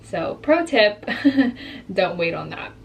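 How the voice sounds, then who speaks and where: A woman's voice: on the low side, very animated, slow, vocal fry, a little hiss or hum. A woman in her twenties telling a personal story in a candid vlog, reflective and openly emotional. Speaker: vlogger.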